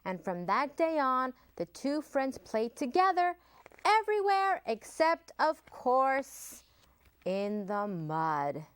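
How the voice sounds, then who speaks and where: A woman librarian reading a picture book aloud to children in a slow, sing-song storytelling manner. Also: high-pitched, expressive, a bit bright, no echo.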